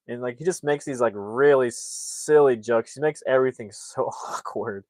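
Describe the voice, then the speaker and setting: A man's voice: medium pitch, moderate pace, hardly any pauses, a little mellow, no room sound. Rambling man recapping a movie. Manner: rambling, full of "like" and restarts. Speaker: movie reviewer.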